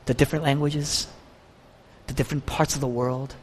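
A man's voice: little pitch movement, normal speed, slight background noise. Passionate preacher man in a reverberant church. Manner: passionate preaching with wide swings of pitch and volume. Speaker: pastor. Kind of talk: sermon. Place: church sanctuary. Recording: church hall with long reverb.

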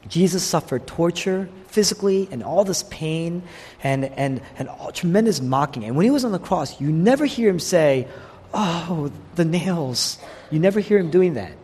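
A man preaching a sermon with passion, rising to loud peaks and dropping to hushed lows. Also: animated, normal speed, slightly rough, big-room sound. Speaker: pastor.

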